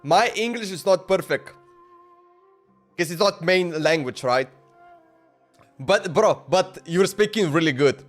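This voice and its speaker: A talkative male streamer on a live stream, chatting loosely with his viewers in broken English. His voice is high for a man, and he laughs often. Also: unhurried, pauses often, faint music behind. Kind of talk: casual live-stream chat.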